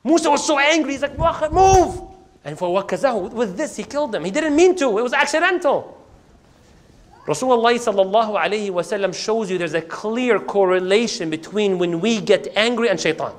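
Male preacher, high-pitched storyteller who acts out the scenes. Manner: animated, acts out the scenes, quotes Quranic Arabic. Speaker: Islamic preacher. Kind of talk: storytelling sermon.

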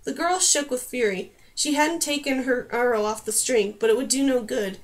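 A woman reads a fantasy novel aloud in a steady, even storytelling voice. Her pitch sits high for a woman. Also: normal speed. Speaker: audiobook narrator. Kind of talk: audiobook reading of a fantasy novel.

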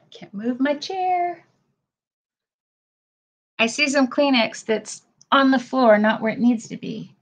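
A woman's voice: high-pitched, animated, takes it slowly, long pauses. A woman vlogging from home, talking casually to her viewers and her dogs, teary-eyed. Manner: chatty, tearful, talks to her dogs. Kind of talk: casual livestream chat.

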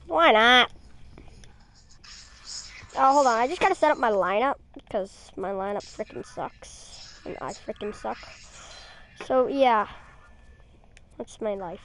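A woman's voice: fairly high pitch, animated, slow pace, pauses often, a bit bright, slight background noise. A woman doing casual gaming commentary, playfully trash-talking and exclaiming at the screen. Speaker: gamer streaming a baseball game.

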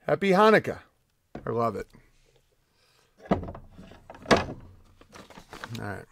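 A man's voice: fairly high pitch, very animated, moderate pace, pauses often, fairly bright tone, no echo, clean studio sound. A man chatting casually as a streamer, with offhand, amused commentary. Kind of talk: casual chat.

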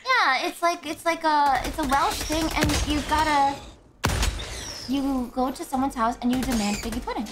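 A woman chatting excitably and rambling while playing a game with a friend on stream. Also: sits high, normal speed. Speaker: guest streamer. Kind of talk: casual gaming chat. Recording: noisy stream audio.

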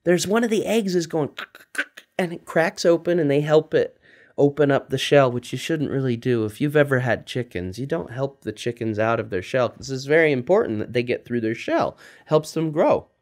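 Guy reading a story to little kids, lively, keeps asking them questions. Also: medium pitch, normal speed. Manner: animated, quizzes young listeners. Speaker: children's storyteller. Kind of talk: retelling a film story for kids.

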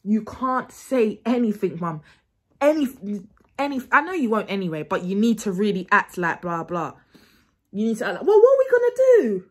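Young woman, London English accent, husky voice, casual rambling vlog chat, at home. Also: medium pitch, lively intonation, normal speed, a bit bright. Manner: chatty and rambling, with frequent restarts and laughter. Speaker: vlogger.

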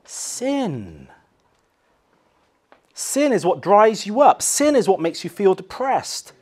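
Slow and sing-song, a male pastor with an English accent delivers a sermon. His voice ranges from loud, acted cries to quiet, low emphasis.

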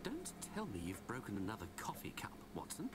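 A self-assured video game detective who bosses his partner about with theatrical flair. His voice soars and dips widely. Music plays clearly underneath. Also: high-pitched, huge pitch swings, fairly quick. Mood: weary. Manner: commanding, theatrical.

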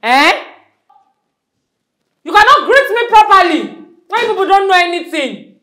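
A woman's voice: high voice, lively intonation, moderate pace. A woman playing a strict, scornful schoolteacher in a comedy sketch, scolding with a Nigerian accent. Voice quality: scolding, sharp and mocking.

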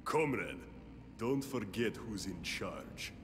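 A man's voice: on the low side, lively intonation, slow. An actor with a fake Russian accent playing a mocking, domineering male soldier in a video game, over game music. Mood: taunting. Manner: taunting, calls people comrade.

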